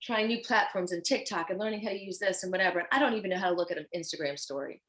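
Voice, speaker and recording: Racing along at medium pitch, a woman fashion designer answers questions as a podcast guest, and the audio is poor. She speaks earnestly and effusively, with extra animation in her stories.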